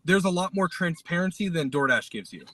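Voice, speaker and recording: A man's voice: high-pitched, animated, a little fast, crowd noise, low-quality recording. A man who works as a delivery driver, chatting casually while he drives, thinking aloud with plenty of fillers. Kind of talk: casual chat while driving.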